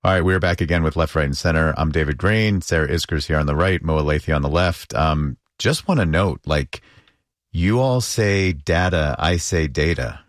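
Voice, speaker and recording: Deep-voiced man hosting a dry talk show. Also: a little fast, hardly any pauses, no room sound. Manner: loose and chatty, with laughs and fillers. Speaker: host. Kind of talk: casual political talk.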